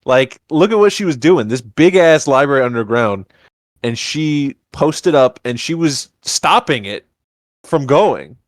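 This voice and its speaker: Man, podcast co-host, casual recap chat, relaxed and a bit profane, dry close sound. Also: medium pitch, a little slow, no room sound. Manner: relaxed, swears casually, retells scenes with playful impressions.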